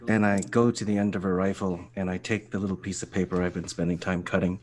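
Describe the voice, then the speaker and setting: A man's voice: low-pitched, level tone, fast talker, a little mellow. A man playing a tabletop game, speaking both in character and about his character's actions. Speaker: player.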